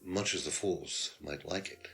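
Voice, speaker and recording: A smug, very deep-voiced lecturer. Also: male voice, unhurried, fairly bright tone. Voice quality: pompous, dismissive. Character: smug condescending male lecturer under questioning. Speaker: suspect in a detective game. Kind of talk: FMV game acting.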